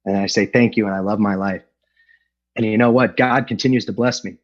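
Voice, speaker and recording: Middle-aged man, lowish husky voice, candid recovery share over lo-fi video call audio. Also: steady tone, a little fast. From Los Angeles. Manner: candid, self-deprecating, with frequent fillers and laughs. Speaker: AA speaker sharing his story. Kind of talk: personal recovery talk. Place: home, on an online meeting. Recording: dull lo-fi online call audio.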